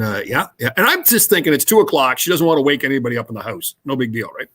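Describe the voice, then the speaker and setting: A man, a radio host, telling an anecdote in lively conversational style with laughs along the way. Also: medium pitch, quick pace, few pauses. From Canada. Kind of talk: conversational storytelling.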